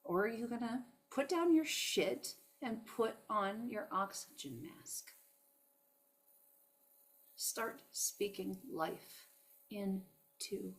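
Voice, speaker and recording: A woman's voice: medium pitch, lively intonation, slow, long pauses. A woman giving a heartfelt motivational talk on self-love, emphatic and emotional, often saying "y'all". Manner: emphatic, preachy, uses "y'all". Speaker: spiritual self-help speaker.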